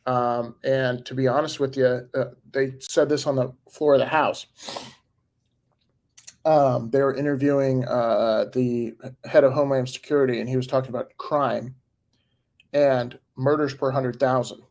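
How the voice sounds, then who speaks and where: Man in his forties, gravelly voice, mid-pitched, casual rambling live-stream chat, reads out viewer comments. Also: steady tone, a little slow, darkish tone. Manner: rambling and conversational, with filler words and chuckles. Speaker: livestreamer reading viewer comments.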